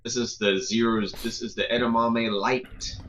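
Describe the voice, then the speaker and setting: A man chatting casually on a livestream, rambling with halting restarts. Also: mid-range voice, flat delivery, a bit bright, highs cut off, slight background noise. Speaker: livestream co-host. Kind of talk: casual chat.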